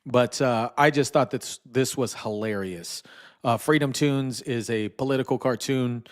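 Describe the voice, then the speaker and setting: A man's voice: medium pitch, normal speed. A man hosting a live stream, casually commenting and mocking with frequent chuckles. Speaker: streamer host.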